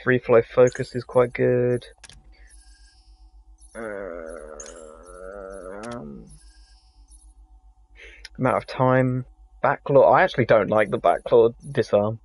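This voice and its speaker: A man's voice: on the low side, very slow, pauses often, a little mellow. A man co-hosting a gaming stream, chatting casually and explaining the game's mechanics as he plays. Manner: rambling, explains game mechanics. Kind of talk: casual chat while playing a game.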